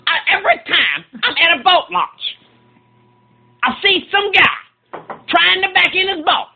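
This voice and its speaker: A man ranting in a brash, excitable comic style. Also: extremely high pitch, unhurried, gravelly. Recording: tinny phone-like sound.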